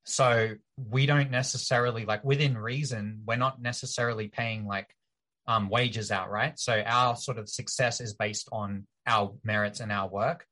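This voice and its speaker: With a lowish, sharp-toned voice, fairly even intonation and a moderate pace, a man talks as a guest in a relaxed podcast interview. He belongs to a project team and describes their work with eager detail.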